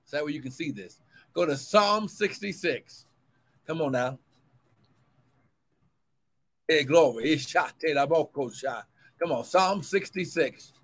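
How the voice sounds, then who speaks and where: In an expressive livestreamed sermon, this pastor and prophet swings from shouting cries of glory to slipping quick, quiet asides to viewers.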